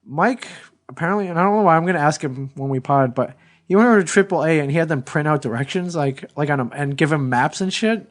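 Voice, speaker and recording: A man's voice: on the high side, quick pace. A man in his thirties co-hosting a podcast, telling a rambling story in casual chat and swearing freely. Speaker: podcast co-host.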